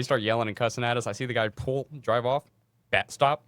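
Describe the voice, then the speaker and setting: A young man co-hosting a podcast, telling work stories in a casual, animated way and swearing freely. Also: medium pitch, fairly quick, no room sound. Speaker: podcast co-host. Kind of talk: casual storytelling chat.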